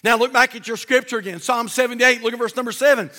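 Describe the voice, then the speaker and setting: A man's voice: extremely high pitch, fairly even intonation, fast, pushed and bright, in a large hall. An older man preaching a sermon from a church pulpit, in a folksy, fervent way with many repeats. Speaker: pastor.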